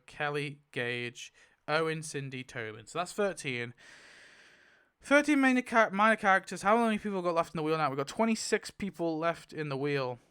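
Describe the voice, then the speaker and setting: Young male commentator, excitable and swearing, smooth resonant tone. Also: on the high side. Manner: excitable, laughs often, swears, counts aloud. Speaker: YouTuber spinning a wheel. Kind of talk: casual commentary while playing.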